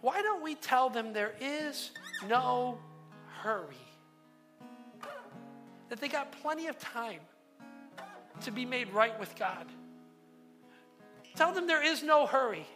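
A man voicing a small, sly male imp who coaxes with a quiet suggestion. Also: very high voice, animated, takes it slowly, pauses often, soft background music, voice pushed up, heavily acted. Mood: wheedling. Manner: wheedling, coaxing, repetitive.

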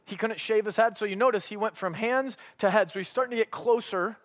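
High-voiced preacher with emphatic delivery. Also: male voice, a little fast, a bit bright. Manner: emphatic, conversational, with humorous asides. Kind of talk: sermon.

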